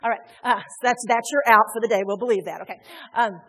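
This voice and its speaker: A fairly high-voiced woman preaching in a church. She is animated and chatty, teasing the congregation between points, and a long hall reverb hangs behind her voice. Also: fast, breathy edge. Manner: animated, conversational, joking with the congregation. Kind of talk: sermon. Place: church sanctuary.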